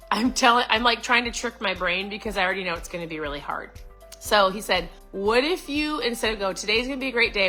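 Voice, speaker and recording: A woman's voice: on the high side, bright, forceful tone, rough recording. A middle-aged woman giving a casual, upbeat motivational talk to camera, chatty with lots of fillers and restarts. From Florida. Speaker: vlogger.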